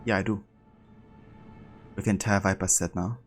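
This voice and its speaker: A man live-streams a video game, chatting casually and thinking aloud with fillers as he plays, in a relaxed manner. His voice sits low at a moderate pace, with faint music behind him.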